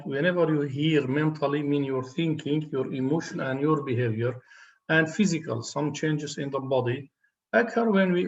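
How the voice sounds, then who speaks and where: A man's voice: on the high side, creaky. A man giving a recorded lecture to students, hesitant, with many fillers and restarts. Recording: dull lo-fi sound.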